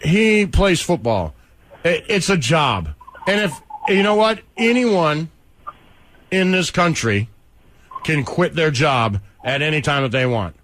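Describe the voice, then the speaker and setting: A man's voice: on the high side, lively intonation, slow, a bit bright, slight background noise. A man co-hosting a casual sports radio show, making sarcastic points.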